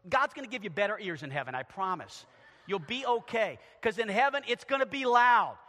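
A man's voice: high voice, expressive, a little fast. Man preaching with big dynamic swings. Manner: swings from quiet asides to shouted emphasis. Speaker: pastor. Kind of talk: sermon. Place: church sanctuary. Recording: long church reverb.

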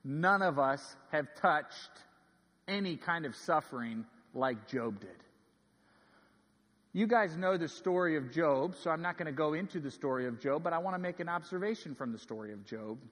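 Man, 30s, pastor preaching a sermon, high voice, earnest storytelling, loud emphasis to hushed asides, large church hall with long reverb. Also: lively intonation, normal speed.

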